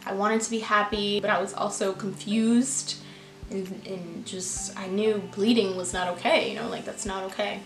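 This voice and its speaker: A woman's voice: mid-range voice, steady tone, moderate pace. A young woman tells a personal story to the camera in a loose, chatty way, packing in fillers and acting out her own past lines. Her voice sits mid-range for a woman and rings in a roomy, echoey space, with faint music under it. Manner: chatty, filler-heavy, quotes herself with "I'm like". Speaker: vlogger.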